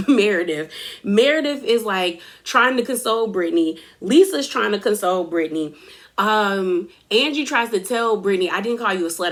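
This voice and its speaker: Gossipy woman recapping reality TV. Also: medium pitch. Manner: gossipy retelling, acts out quotes, laughs often. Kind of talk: casual recap commentary.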